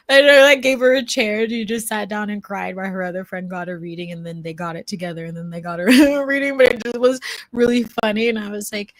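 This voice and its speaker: A woman's voice: mid-range voice, fairly even intonation, quick pace, no room sound. A woman healer hosting a casual livestream, rambling with many fillers and restarts, gushing and spiritual.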